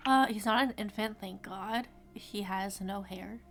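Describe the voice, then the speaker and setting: A woman's voice: mid-range voice, unhurried, faint music behind. A woman playing a tabletop game, casually describing what her character does. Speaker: player.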